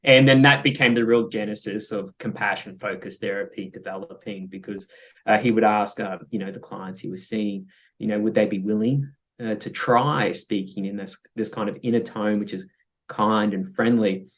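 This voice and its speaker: A man's voice: fairly low pitch, steady tone, normal speed, a bit bright. A man speaking as a guest psychologist in an interview, thoughtful and hesitant, with many fillers and light laughs. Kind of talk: interview conversation.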